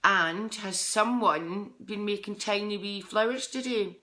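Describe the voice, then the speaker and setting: Chatty Scottish woman, bright voice. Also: mid-range voice, fairly even intonation, a little slow. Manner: chatty, rambling, jumps between topics. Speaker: psychic medium. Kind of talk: live-streamed chat with viewers.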